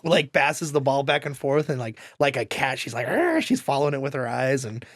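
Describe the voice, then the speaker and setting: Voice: mid-range voice, steady tone, brisk, no echo, studio quality. A podcast co-host in casual chat, laughing often and acting out quoted lines in playful voices.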